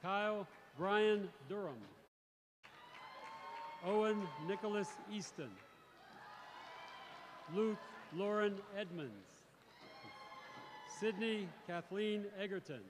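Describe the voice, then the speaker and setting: A male teacher reading out graduates' names one by one at a graduation ceremony in a large arena, in a measured announcing manner. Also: high-pitched. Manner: measured, announcing each name, with brief self-corrections. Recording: crowd noise in a large arena. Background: crowd cheering.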